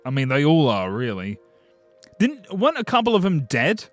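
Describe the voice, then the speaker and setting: A man's voice: a little high, huge pitch swings, moderate pace, soft background music. A man streaming live, chatting casually with viewers in a blunt, sardonic way and swearing freely.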